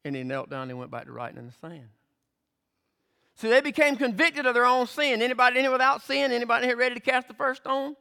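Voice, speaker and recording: A man's voice: high voice, expressive, a little fast, creaky, sharp tone. A male pastor preaching a sermon, emphatic, repeating words as he builds his points and retelling scripture scenes vividly.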